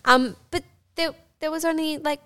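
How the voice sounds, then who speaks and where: A woman's voice: high-pitched, steady tone, normal speed, sharp tone. Aussie woman on a podcast, chatty, giggly, lots of likes and ums. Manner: candid, giggly, trails off with fillers. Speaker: podcast co-host. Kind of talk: casual chat.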